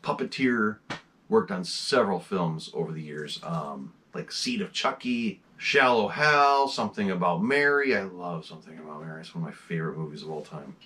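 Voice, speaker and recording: A man's voice: low voice, a bit bright. A man hosting a horror mask collection vlog, chatting casually from a desk in his home mask room, enthusiastic and rambling with lots of fillers.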